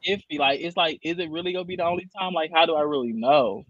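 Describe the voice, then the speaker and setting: Bright-voiced man telling a story. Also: a little high, fast, dry recording, muffled recording. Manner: slangy, storytelling with lots of "like". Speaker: podcast panelist. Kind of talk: casual chat.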